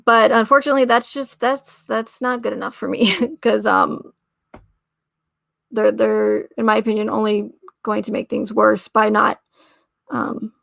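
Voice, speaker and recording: A woman's voice: mid-range voice, steady tone, measured pace, creaky, a bit bright, no room sound. A woman hosting a casual livestream, reading aloud and rambling, often trailing off, correcting herself and laughing. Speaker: livestream host.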